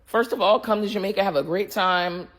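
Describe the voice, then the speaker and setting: A woman's voice: medium pitch, a little fast, fairly bright tone. A woman, ranting on social media in a heated, indignant way. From United States.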